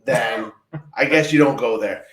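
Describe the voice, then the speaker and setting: A man's voice: medium pitch, a little slow, echoey room, poor audio. A man from Canada co-hosting a casual political podcast, laid-back and blunt. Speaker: podcast co-host.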